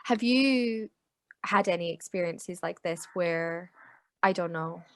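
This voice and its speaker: A British woman, an English teacher, talking in an animated, emphatic way as a podcast guest, with many "like" fillers. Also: on the low side, slow, clear, resonant tone, no echo. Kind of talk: casual podcast conversation.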